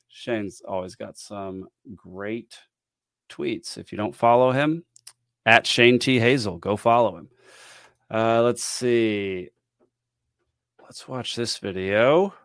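A man's voice: lowish voice, slow pace, pauses often, clear, resonant tone, dry recording, studio quality. A man hosting a podcast, talking casually in a rambling, wry way with frequent ums and chuckles. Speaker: podcast host. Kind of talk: casual commentary.

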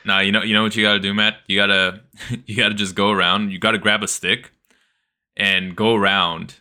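Podcast guy rambling on, um and like everywhere, low pitch but super bright tone. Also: flat delivery, brisk. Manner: rambling storyteller, many fillers. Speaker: podcast co-host. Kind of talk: casual chat.

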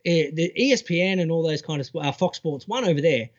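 An Australian man with a high voice that jumps around a lot tells stories on a casual podcast. He is sweary and mocking. The sound is a bit muffled and lo-fi. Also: fast talker. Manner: sweary, mocking, animated storytelling. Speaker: podcast co-host.

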